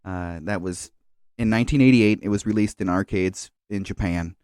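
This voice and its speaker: Podcast co-host, male, lowish voice, rambling casual delivery, dry close sound. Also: moderate pace, a little mellow, no echo. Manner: rambling, many fillers and restarts. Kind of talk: casual chat.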